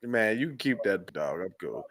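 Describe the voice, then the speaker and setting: A man hosting a podcast, reacting in casual commentary with an animated, incredulous, mocking manner. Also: lowish voice, normal speed, dry recording, clean studio sound. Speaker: podcast host.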